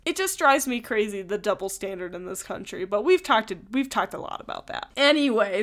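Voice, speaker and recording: A woman's voice: mid-range voice, a bit bright. A woman co-hosting a podcast, casually recapping a movie in a chatty, opinionated way and laughing easily. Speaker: podcast co-host.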